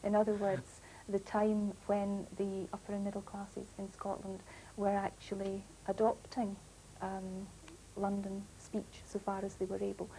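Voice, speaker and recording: A woman's voice: medium pitch, completely flat delivery, unhurried, mellow, a little hiss or hum, low-quality recording. A woman scholar explaining a point in an interview, thoughtful and hesitant, with many fillers. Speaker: language scholar.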